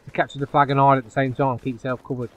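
A man giving live commentary over his own online shooter match, dropping to low muttering and then yelping loudly when the action heats up. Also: rapid-fire. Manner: excitable, swings from low muttering to loud yelps. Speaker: gaming YouTuber.

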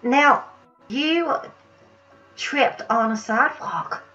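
Bright-voiced woman host, unhurried. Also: sits high, highs cut off, soft background music. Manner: playful, leading questions. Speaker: show host, interviewer. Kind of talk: casual interview.

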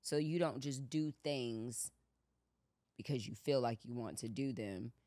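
A woman co-hosting a podcast, talking through faith in a relaxed, thoughtful way, often checking in with "you know what I'm saying". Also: rumbling low, a little slow, no echo, studio quality. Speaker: podcast co-host. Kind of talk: casual faith chat.

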